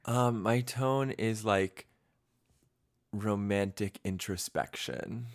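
A man's voice: lowish voice, takes it slowly, gravelly. A young man co-hosting a podcast in casual chat, throwing in playful, dry one-liners. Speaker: podcast co-host.

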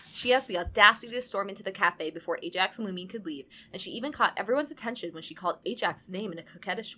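Podcast co-host, young woman, expressive narrator, wide pitch swings on dialogue. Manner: animated narration with sudden loud dialogue bursts. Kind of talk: casual reading of fan fiction.

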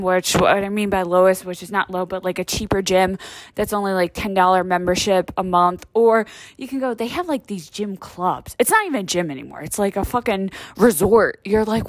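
A woman's voice: medium pitch, no room sound. A woman hosting her own vlog in a casual, rambling monologue, swearing freely and saying "like" constantly. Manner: rambling, profane, heavy use of "like". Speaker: vlog host.

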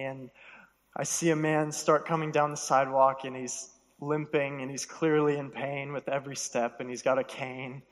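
A young man delivers a sermon as an animated storyteller, acting out the voices he hears in his head. His voice sits a little high. The sound carries the long reverb of a large church hall. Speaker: preacher.

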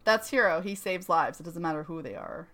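Low-voiced woman co-host chatting. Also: a little fast. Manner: relaxed, rambling commentary with ready laughter. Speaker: podcast co-host. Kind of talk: casual discussion.

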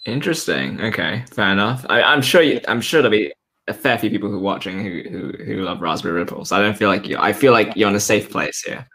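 A man hosts a relaxed sports chat, his somewhat low voice ringing bright and forward. He keeps stalling with ums and trying his phrasing again as he goes. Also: fast. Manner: hesitant, lots of ums and restarts. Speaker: host. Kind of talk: casual interview.

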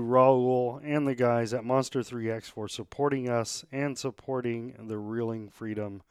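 An American man with a smooth, mid-range voice hosts a podcast, reading sponsor spots and doing a casual interview. He's upbeat and rallying, plainspoken with fillers, and the studio sound is clean with no echo.

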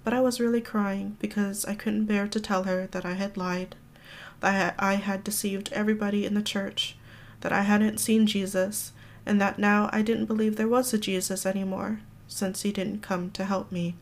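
A woman reads a memoir excerpt aloud for a podcast. Her delivery stays level, with little rise and fall in pitch. The reading is calm and measured. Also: a little hiss or hum. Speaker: podcast reader.

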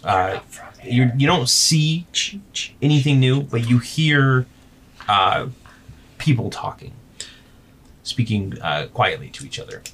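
A man running a tabletop game as game master, narrating in a halting way with many fillers. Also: medium pitch, animated, a little hiss or hum. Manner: halting, filler-heavy narration with soft asides.

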